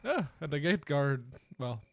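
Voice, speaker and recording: A man's voice: a little high, big pitch swings, a little slow, creaky. A man hosting a live stream, chatting casually and laughing often as he plays a role-playing game and teases what happens on screen. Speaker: livestream game host. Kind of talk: casual let's-play commentary.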